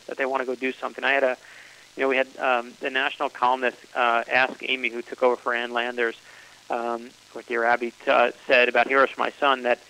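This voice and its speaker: A man's voice: a little high, sharp tone, rough recording. A middle-aged man, an author guest on a radio interview, telling stories earnestly with frequent restarts. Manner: earnest storytelling, many restarts.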